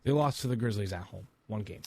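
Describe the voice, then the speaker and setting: A man's voice: on the low side, fast talker, vocal fry, a little mellow, no room sound. A man co-hosting a sports podcast, casually rattling off stats and offering hot takes. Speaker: podcast co-host.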